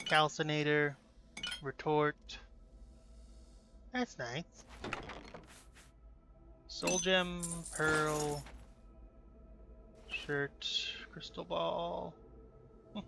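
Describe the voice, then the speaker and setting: A man's voice: a little high, fairly even intonation, very slow, creaky, pauses often, noisy background. A man playing a game, commenting in a goofy, chatty way and talking back to the characters. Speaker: let's play gamer. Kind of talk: casual gameplay commentary.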